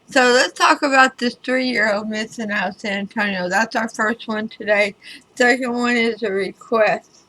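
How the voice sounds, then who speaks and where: A woman's voice: fairly high pitch, moderate pace, pushed and bright, low-quality recording. A woman tarot reader talking casually to her viewers, chatty and emphatic with wry asides. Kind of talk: casual spoken tarot reading video.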